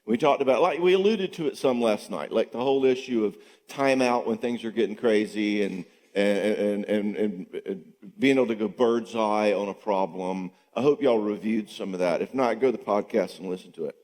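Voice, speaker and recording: A man's voice: fairly low pitch, moderate pace, few pauses. A man speaking as a counselor at a church marriage conference. His talk is casual and conversational, and he keeps checking in with the audience with "okay?" and "all right?". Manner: acts out quoted people in lively voices. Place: church sanctuary before an audience. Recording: long reverb of a large church hall.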